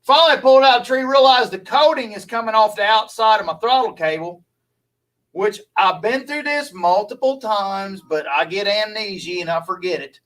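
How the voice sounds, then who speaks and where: A man's voice: sits high, moderate pace, fairly bright tone, recorded from a distance, rough recording. A man from Louisiana with a Southern accent, chatting folksily with viewers on a live stream, rambling and laughing easily.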